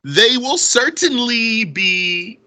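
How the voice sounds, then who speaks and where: Slow, bright-voiced male grammar teacher. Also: very high-pitched, animated. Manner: slow, deliberate, repeats terms and asks rhetorical questions. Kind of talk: explaining grammar on a recorded lesson.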